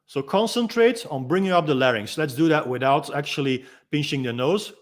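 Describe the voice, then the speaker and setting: A freediving instructor calmly explaining and demonstrating techniques in a gentle, unhurried way, pausing often with ums. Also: male voice, a little high. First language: Dutch. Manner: calm, gentle explaining with frequent ums and pauses.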